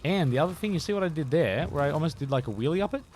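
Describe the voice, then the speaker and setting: Male streamer, faint Aussie lilt, animated pitch, rambling self-mocking tutorial patter. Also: racing, a little hiss or hum. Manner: chatty, self-deprecating, thinks aloud. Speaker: game streamer and tutorial host. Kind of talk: live-streamed gameplay tutorial.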